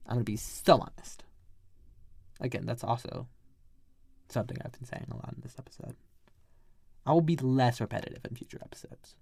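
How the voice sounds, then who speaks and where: A chatty man rambles through a casual show recap and keeps sidetracking himself. His voice sits at an ordinary middle pitch. The sound is close and dry, with no room around it. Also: brisk, vocal fry, long pauses, dark tone, no room sound. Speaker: podcast host.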